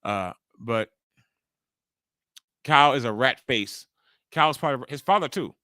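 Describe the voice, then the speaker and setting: A man in his forties hosting a wrestling watch-along live stream, reacting excitably and ranting with heavy swearing. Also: medium pitch, a little slow, no echo, clean studio sound. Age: 40s.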